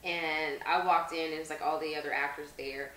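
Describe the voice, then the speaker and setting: Brief: actress guest, woman, slightly low bright voice, reflective then lively storyteller. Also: fairly quick, echoey room, rough recording. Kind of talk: casual interview.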